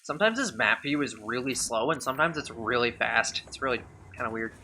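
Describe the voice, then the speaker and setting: Guy commentating his speedrun, bright voice, sarcastic and rambly, faint background hiss. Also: mid-range voice, expressive, fairly quick. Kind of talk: casual gameplay commentary.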